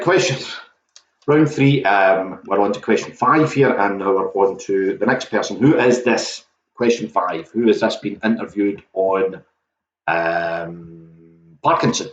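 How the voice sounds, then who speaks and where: Guy running a quiz, chatty, jokes at himself, low voice, muffled echoey home recording. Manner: chatty, self-mocking, talks to viewers directly. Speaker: pub quiz host. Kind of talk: casual quiz hosting.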